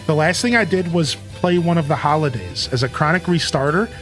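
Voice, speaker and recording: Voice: mid-range voice, lively intonation, a little fast, a bit bright, soft background music. A streamer chatting casually with a live audience, telling a story loosely and greeting viewers by name.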